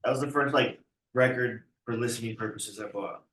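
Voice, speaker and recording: A man guesting on a podcast in casual chat, laid-back and often dropping to a low, quiet voice. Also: fairly quick, distant mic. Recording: roomy and off-mic.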